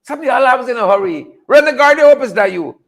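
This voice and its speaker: A Guyanese man hosts a loose political talk show, his voice pitched very high for a man. He talks in repetitive, chuckling riffs and keeps calling out his viewers by name. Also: lively intonation, quick pace, fairly bright tone. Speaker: host of a political commentary show. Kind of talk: casual live commentary reading viewer names.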